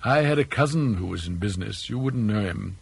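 A man's voice: on the low side, expressive, vocal fry, breathy edge, full character voice. A man voicing an elderly English father who is dry, mischievous and mock-courteous, with an arch, ironic manner. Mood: teasing. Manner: arch, ironic, drawn-out emphasis.

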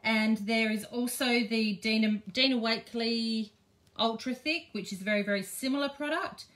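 A woman's voice: on the high side, normal speed, fairly bright tone. An Australian woman chatting and thinking aloud with frequent ums as she teaches a live craft demonstration. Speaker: craft teacher and shop owner.

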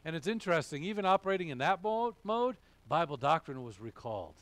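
A man's voice: fairly high pitch, sing-song, fast, a bit bright, no echo. A male pastor preaching a sermon, repeating key phrases and chuckling as he goes.

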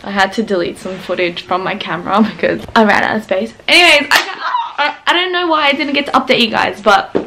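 A woman in her twenties chatting excitedly in a casual home vlog, laughing often and filming on a handheld camera. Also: mid-range voice, a little fast, hardly any pauses, noisy background. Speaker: vlogger. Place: at home, indoors.

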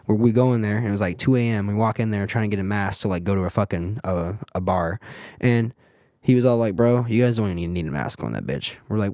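Young man, podcast co-host, profane ranting, low voice, dry close sound. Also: no echo. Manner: profane, ranting, lively storyteller. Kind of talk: casual chat.

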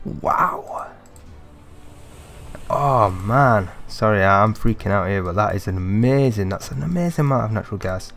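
A young man giving chatty let's-play commentary, thinking aloud and getting excitable. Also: on the low side, a little slow, gravelly. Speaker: gaming commentator.

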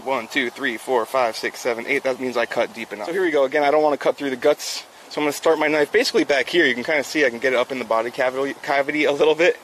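A man's voice: medium pitch, fairly bright tone, a little hiss or hum. Upbeat man filleting fish on stream. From South Florida. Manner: upbeat, chatty, talks to chat while working. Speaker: fishing livestream host. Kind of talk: casual live-stream instruction. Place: outdoors.

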